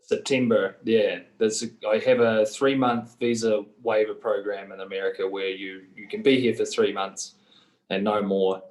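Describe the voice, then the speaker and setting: A man with a New Zealand accent, a guest telling his story in a relaxed way with many fillers. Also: fairly low pitch, moderate pace, rough recording. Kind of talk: casual interview.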